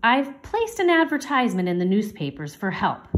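Woman voicing a quiet, tender farm father. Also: wildly swooping pitch. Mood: soft. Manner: soft, low and slow.

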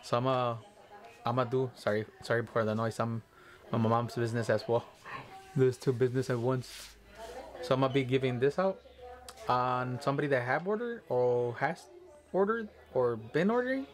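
A man's voice: mid-range voice, moderate pace. A man, an artist and content creator, chatting casually to camera at home while he draws, rambling, giggling and often apologizing.

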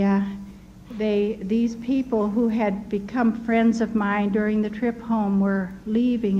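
An older woman giving her personal testimony as a story, quoting the people she met and laughing softly now and then. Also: mid-range voice. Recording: dull lo-fi recording with faint hiss.

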